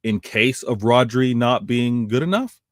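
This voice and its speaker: A man's voice: medium pitch, animated, measured pace, dry recording, studio quality. A man co-hosting a casual football chat, rambling and restarting his phrases. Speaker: co-host.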